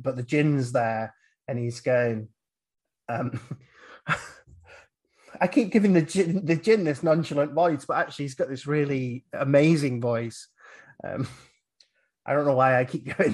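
A man's voice: medium pitch, measured pace, a little mellow. A male podcast host recapping a film in casual chat, rambling with fillers and acting out quotes.

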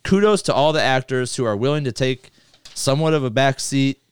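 A man hosting a casual movie podcast, talking loosely with swearing and rattling through a list fast. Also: medium pitch, lively intonation, clean tone, dry recording, studio quality. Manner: loose, profane, reads lists quickly. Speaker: podcast host.

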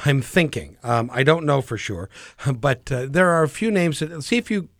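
A man's voice: a little high, dry recording, studio quality. A man hosting an interview, asking questions in a folksy, playfully teasing way. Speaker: interview host. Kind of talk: talk show interview.

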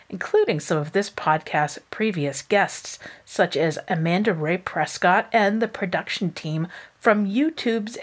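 A woman podcast host with an upbeat, clear delivery, reading a novel aloud. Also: lowish voice.

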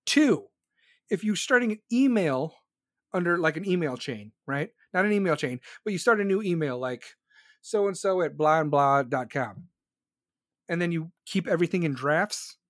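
Man, high-pitched, dry close sound, heated profane lecturing monologue. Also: dry recording. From United States. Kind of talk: profane political rant.

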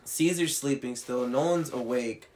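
A man's voice: mid-range voice, a little slow, darkish tone. A young adult man in a casual chat, retelling a story animatedly, teasing his friend and acting out quotes with plenty of laughter.

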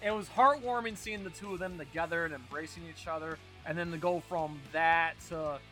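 A man co-hosting a casual podcast chat, excitable and swearing freely, often trailing off into mumbles. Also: on the high side, brisk, faint music behind. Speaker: podcast co-host.

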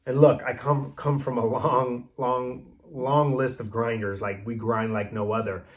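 A man's voice: mid-range voice, little pitch movement, measured pace. A man who works as a personal trainer, co-hosting a podcast in casual chat and explaining things in an easygoing way. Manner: easygoing, explanatory, drifts into acted-out dialogue.

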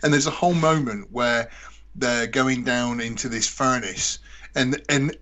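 A man's voice: mid-range voice, measured pace, bright, forceful tone. A British man co-hosting a podcast in casual chat, laughing easily and mocking himself. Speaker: podcast co-host.

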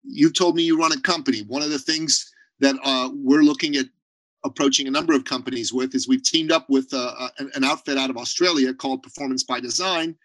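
A man as a podcast guest on a video call, talking in an emphatic, blunt way and telling animated stories. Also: medium pitch, brisk, no echo, low-quality recording. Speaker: podcast guest, business owner. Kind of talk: energetic interview talk.

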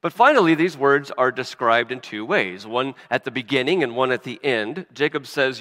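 Bright-voiced preacher in a reverberant church. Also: male voice, mid-range voice, expressive, moderate pace, hardly any pauses. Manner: earnest, with frequent restarts and emphatic rises. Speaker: pastor. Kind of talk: sermon with scripture reading and prayer. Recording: long reverb of a church hall.

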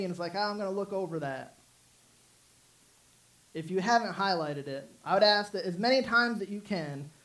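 A man's voice: high voice, a bit bright, rough recording. A man preaching a sermon in an earnest, rambling way, with many restarts. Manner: earnest, repetitive with frequent restarts and fillers. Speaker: pastor.

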